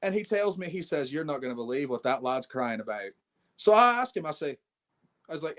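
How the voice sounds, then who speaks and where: A man's voice: on the high side, big pitch swings, a little fast, a bit bright. A brash young man, a wrestling champion, telling swaggering stories in a casual interview and calling people mate.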